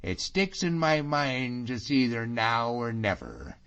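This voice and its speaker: A man doing a hearty, mocking Highlander. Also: big pitch swings, slow, fairly bright tone, clear, resonant tone, exaggerated voice. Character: bold wily Scottish Highlander, middle-aged man. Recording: dull lo-fi audiobook recording.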